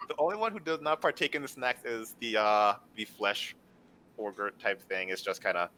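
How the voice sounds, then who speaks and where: A man's voice: on the low side, normal speed, bright, forceful tone, slight background noise. A man narrating a tabletop game as game master, describing scenes casually with lots of fillers.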